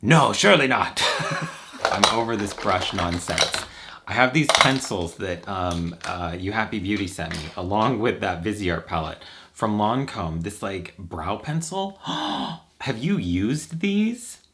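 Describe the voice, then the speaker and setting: A man's voice: on the low side, animated, takes it slowly, pushed and bright, slight background noise. A man chatting casually and rambling with campy asides as he does his makeup for a vlog. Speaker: makeup vlogger. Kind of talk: casual chat while doing makeup.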